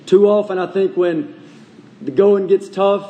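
Male pastor, high voice, earnest sermon delivery, big church reverb. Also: fairly even intonation, phone-quality sound. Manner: earnest preaching, slows and drops low on key phrases.

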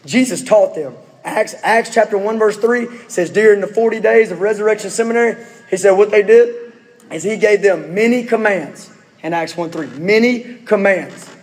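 A man with a fairly high voice preaches to a congregation, asking rhetorical questions and dropping in casual asides. His voice rings out with a long reverb, as if filling a church hall. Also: moderate pace. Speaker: pastor. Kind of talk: sermon.

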